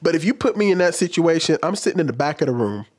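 A man's voice: a little high, expressive, fast, husky. A man who works as a teacher, giving a casual, blunt commentary and sounding fed up. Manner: blunt, exasperated, mocks others with exaggerated voices.

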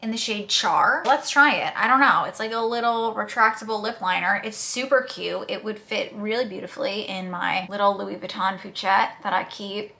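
A woman's voice: medium pitch, normal speed, creaky, few pauses, pushed and bright. A woman vlogger talking casually through her makeup routine, chatty and self-deprecating as she narrates each step. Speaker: beauty vlogger. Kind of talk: casual makeup tutorial chat.

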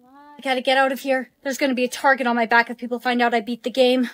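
A woman's voice: fairly high pitch, flat delivery, fast talker, no room sound. A woman acting out dramatic POV skits, voicing several characters. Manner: dramatic, playing many characters. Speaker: skit creator.

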